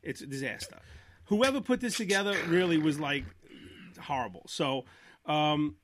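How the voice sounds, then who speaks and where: A man's voice: a little high, big pitch swings, normal speed, a little hiss or hum. A man hosting a podcast, telling a long story in casual chat and acting out both sides of phone calls. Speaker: podcast host.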